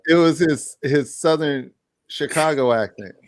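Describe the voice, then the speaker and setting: A man's voice: on the high side, unhurried. A man co-hosting a podcast in casual chat, good-natured and self-deprecating. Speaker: podcast co-host.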